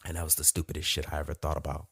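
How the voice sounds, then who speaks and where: A man's voice: rumbling low, level tone, very fast, vocal fry, fairly bright tone, slightly rough, no echo. A man in his thirties, a podcast host, telling a frank, profane personal story with emotional openness.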